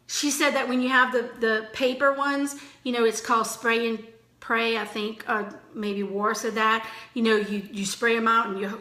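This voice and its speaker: Woman pepping up her team, bright sharp voice, lots of ums, echoey room. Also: on the high side. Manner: chatty and energetic, full of fillers. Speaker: team leader giving a training talk. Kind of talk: casual motivational team training.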